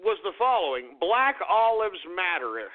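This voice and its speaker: A male talk radio host launching into an angry, profanity-laced political rant. His voice sits fairly high for a man. The sound is thin and tinny, as if heard over a phone line. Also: sing-song, unhurried.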